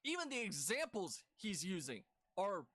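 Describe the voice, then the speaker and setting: A man's voice: high-pitched, very animated, moderate pace, over a noisy crowd. A man in exasperated reaction-video commentary, scornful and repeating himself in disbelief.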